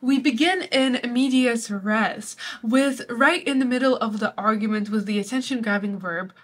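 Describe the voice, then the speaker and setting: A woman's voice: a little high, normal speed. A young woman explaining a poem for students in a chatty, playful way, laughing now and then. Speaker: literature study guide presenter. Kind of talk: study guide explanation.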